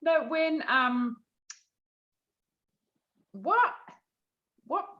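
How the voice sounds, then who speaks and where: A woman's voice: high-pitched, expressive, drawn-out words, highs cut off. Enthusiastic woman hosting an interview. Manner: enthusiastic, with hesitant fillers. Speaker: host. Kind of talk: casual interview.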